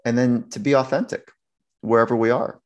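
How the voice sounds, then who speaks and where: A man speaking as a sports psychologist guest, telling anecdotes in an animated way, acting out the voices he quotes and laughing often. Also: medium pitch, fairly quick, muffled recording. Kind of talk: anecdotal storytelling in conversation.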